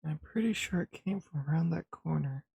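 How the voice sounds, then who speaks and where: A male streamer reading a visual novel aloud in the first person, with tense, halting delivery. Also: fairly high pitch, gravelly, mellow, slightly rough, no room sound, dull audio.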